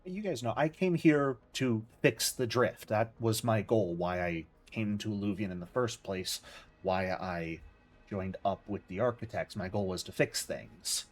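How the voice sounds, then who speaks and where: Man as uneasy ex-friend turned guard, earnest, halting, low husky voice. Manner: earnest, faltering, apologetic.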